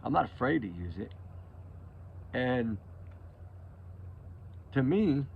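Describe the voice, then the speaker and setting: A worn-out man talks straight to his viewers in a loose, rambling monologue, circling back to the same words for emphasis. His mid-pitched voice has a gravelly rasp to it. The recording sounds dull and lo-fi. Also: very animated, slow. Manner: rambling, emphatic, repeats himself. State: exhausted from lack of sleep. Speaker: true crime commentary channel host. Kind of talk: casual opinion monologue to viewers.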